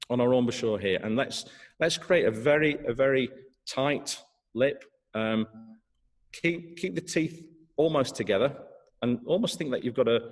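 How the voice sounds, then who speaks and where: A man's voice: medium pitch, big-room sound. A middle-aged man teaching trombone in an online masterclass, hesitant, with many fillers and restarts.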